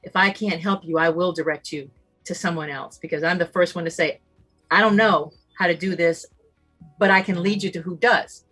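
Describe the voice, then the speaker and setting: A woman's voice: lowish voice, fairly even intonation, normal speed, fairly bright tone, husky, faint music behind. A middle-aged woman who hosts a long-running radio talk show, speaking as a guest, confident and service-minded. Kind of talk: guest interview on a live video show.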